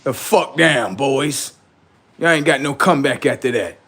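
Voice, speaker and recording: A man's voice: medium pitch, animated, unhurried, a bit bright, slightly rough. A man hosting a livestream, delivering a boastful, heavily profane rant that taunts the people he is mocking. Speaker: livestream host.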